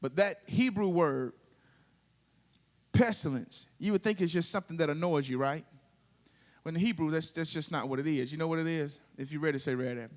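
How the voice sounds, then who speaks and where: Speaking fairly quickly in a slightly high voice, a male pastor with a Southern US accent preaches to a responsive congregation. His sermon rises to sung climaxes.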